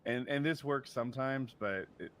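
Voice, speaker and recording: A man chatting casually on a stream, telling stories with a wry, lively manner and soft asides. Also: mid-range voice, moderate pace, a little hiss or hum. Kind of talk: casual chat.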